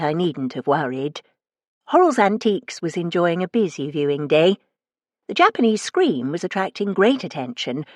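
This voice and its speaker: A woman reads a first-person mystery audiobook with a wry, lively storyteller's touch. Her voice sits slightly low, and the recording is dry and close, with no room sound. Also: no echo. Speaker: audiobook narrator. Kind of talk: first-person scripted narration.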